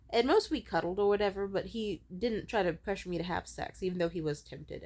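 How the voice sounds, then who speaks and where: A woman telling a personal story as a casual vlog rant, blunt and heavy on profanity. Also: mid-range voice. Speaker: vlogger.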